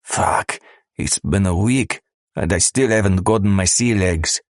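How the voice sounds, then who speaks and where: A man's voice: sits low, fairly even intonation, a little slow, dry recording, studio quality. A man voicing crude, menacing male smugglers in an audiobook. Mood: griping. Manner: crude, menacing, tough-talking. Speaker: audiobook narrator. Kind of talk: scripted audiobook narration.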